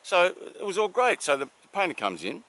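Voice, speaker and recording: A man telling long, rambling jokes in a casual way. His voice jumps around with animated pitch, and he keeps stumbling through fillers as he calls his listener darling. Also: fairly quick. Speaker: joke teller.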